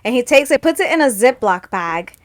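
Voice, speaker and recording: Brief: chatty woman co-host, slightly high, acts out family quotes. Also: sing-song, a little fast. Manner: rambling storyteller, laughs often, acts out relatives' lines. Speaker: podcast co-host. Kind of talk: casual chat.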